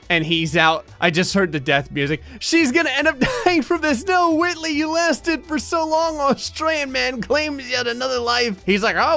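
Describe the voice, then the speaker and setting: A man's voice: fairly high pitch, fairly bright tone. A man narrating a life-simulation playthrough in casual, wry commentary with sudden jumps upward when he laughs. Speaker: gameplay commentator. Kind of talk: casual let's-play commentary.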